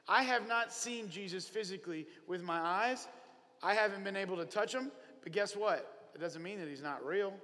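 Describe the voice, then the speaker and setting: A man from Oklahoma gives an animated, joking camp sermon. His voice sits high and sounds bright and forceful. A long reverb from the hall trails every line. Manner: animated storyteller, playful humor. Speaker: camp preacher. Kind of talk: lively sermon to young people.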